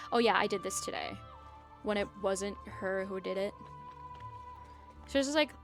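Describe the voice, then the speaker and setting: A young woman streamer in her twenties chatting casually as she plays, venting and swearing, with lots of filler words. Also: mid-range voice. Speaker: gaming streamer. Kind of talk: casual chat while playing.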